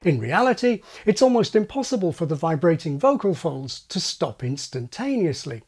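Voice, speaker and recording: Man, educational host, husky, lively intonation, wry explainer. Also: a little high, normal speed. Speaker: channel host explaining speech. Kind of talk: educational video narration.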